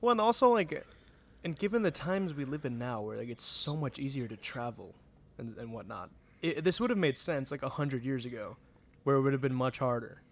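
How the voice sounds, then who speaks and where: Joking man, mid-pitched, loose podcast banter. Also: animated, brisk. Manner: loose, joking, filler-heavy. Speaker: podcast co-host. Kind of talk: casual chat.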